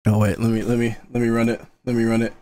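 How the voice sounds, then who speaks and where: A young man hosting a casual stream chat, excitable and quick to laugh and yell. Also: mid-range voice, dry recording. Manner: excitable, laughs and yells in bursts. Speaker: streamer host. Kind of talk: casual chat reacting to videos.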